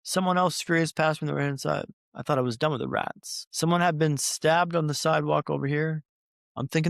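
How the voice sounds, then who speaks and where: On a podcast, a man shares his recovery story with the host, talking straight to him like a seasoned speaker and repeating phrases for rhythm. His voice sits on the high side with a steady tone, a quick pace and vocal fry. The recording is dry and studio quality.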